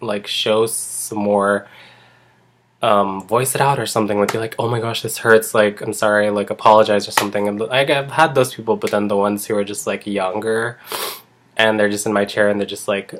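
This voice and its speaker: A man's voice: on the low side, fairly even intonation, normal speed, fairly bright tone, slight background noise. A man, an eyebrow artist, chatting casually in a vlog, rambling and filling his talk with "like". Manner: rambling, heavy use of "like".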